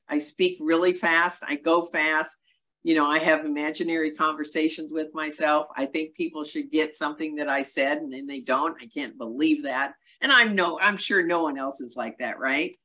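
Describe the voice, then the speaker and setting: A middle-aged woman coaching on a webinar, quick and emphatic in her delivery. Her voice sits fairly low, with a bright, forceful edge. She jokes about herself between her points. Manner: brisk, emphatic, self-deprecating coaching talk. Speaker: real estate coach. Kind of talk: webinar presentation.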